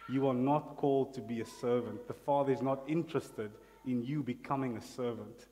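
A man preaching a sermon in a voice of ordinary middle pitch. His delivery is emphatic, and he calls on the congregation to repeat words after him. His voice rings with the long reverb of a large church hall. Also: moderate pace, hardly any pauses, dark tone. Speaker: pastor.

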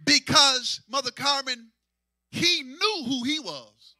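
A man a sermon as pastor, shouting and half-singing in rising waves and repeating phrases to draw responses. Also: very high voice, takes it slowly, no echo, studio quality. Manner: shouting, sing-song preaching with repetitions.

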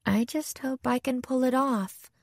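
A woman's voice: a little high, measured pace, dry recording, clean studio sound. A woman voicing a tired, anxious young bride who speaks hesitantly. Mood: weary.

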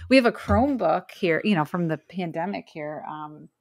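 Woman, gravelly voice, somewhat low, middle-aged, jokey podcast co-host, laughs often. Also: animated, moderate pace, dry recording, studio quality. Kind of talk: casual chat.

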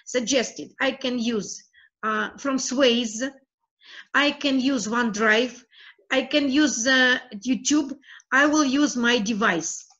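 A woman talks a class through a software tutorial on screen. Her slightly high voice moves slowly and haltingly, and she often repeats a word as she clicks. The recording sounds dull and lo-fi. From Russia.

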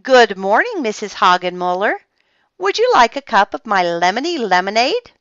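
A woman's voice: very animated, normal speed, fairly bright tone, dry recording. A woman voicing an eager, bossy young girl in a read-aloud storybook. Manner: eager, commanding, high and bouncy. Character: bossy energetic young girl running a stand. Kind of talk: storybook character voice. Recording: dull dry lo-fi sound.

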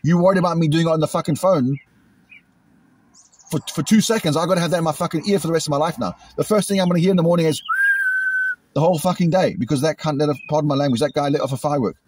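A British man venting angrily in a vlog, repeating himself and imitating loud bangs, recorded outdoors. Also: fairly high pitch, racing, slight background noise. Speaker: vlogger. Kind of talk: agitated monologue to camera. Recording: outdoors in a cemetery.

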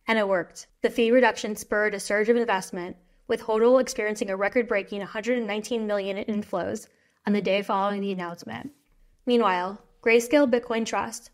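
Steady woman reading crypto news. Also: mid-range voice. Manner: steady, even newsreader delivery. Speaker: news reader. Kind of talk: scripted news narration.

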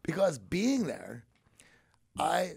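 Gravelly man from Pittsburgh. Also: a little high, wildly swooping pitch, extremely slow, a little mellow. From Pittsburgh, USA. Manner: earnest, reflective, tells stories with asides. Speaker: guest. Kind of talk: conversational storytelling.

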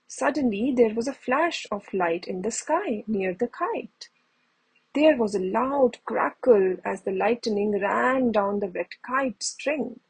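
A woman reading a children's bedtime story aloud in a gentle storytelling manner. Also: on the high side, breathy edge, low-quality recording. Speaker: storybook reader.

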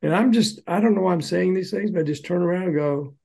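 An older man, a former record promoter, telling animated anecdotes in a podcast interview and acting out the quotes. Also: high-pitched, fast talker, creaky, poor audio.

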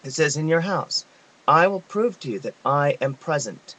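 A man reading a devotional text aloud, in a measured, reverent way with pauses. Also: fairly high pitch, lively intonation, bright, forceful tone, rough recording. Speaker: reader of devotional messages.

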